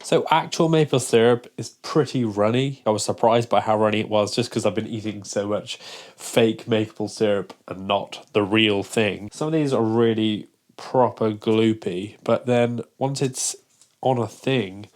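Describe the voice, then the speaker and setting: A man's voice: lowish voice, measured pace, darkish tone. A young man talking casually to camera in a vlog, ranting with mock outrage. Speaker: fitness vlogger.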